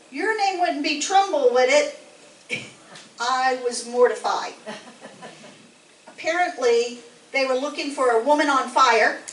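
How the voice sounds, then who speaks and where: A woman's voice: high-pitched, fairly bright tone. Chatty woman in her sixties, echoey hall. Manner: chatty, rambling storyteller. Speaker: meeting attendee telling a story. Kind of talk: casual anecdote to a group. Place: meeting hall. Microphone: distant room mic. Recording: echoey hall, distant mic, faint noise.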